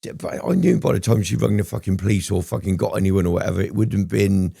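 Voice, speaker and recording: A man's voice: sits low, fast, vocal fry, dark tone, breathy edge, no room sound, clean studio sound. A man telling his story as a podcast guest, rambling and swearing often, with frequent ums. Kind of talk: candid storytelling interview.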